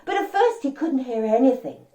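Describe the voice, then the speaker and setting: A woman's voice: sits high, sing-song, normal speed, mellow. A woman telling an interactive story to children, speaking directly to young listeners and inviting them to join in. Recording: roomy and distant.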